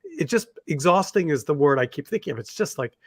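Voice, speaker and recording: Higher-voiced man, dry close sound. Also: very animated, fairly quick, dry recording. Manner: reflective storyteller, rambling with fillers. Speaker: podcast co-host. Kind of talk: casual discussion.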